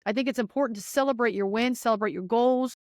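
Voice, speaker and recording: A young woman hosting her podcast, giving listeners an energetic, chatty pep talk and speaking right to them. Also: on the high side, fast, no room sound, studio quality. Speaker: podcast host. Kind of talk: casual motivational monologue.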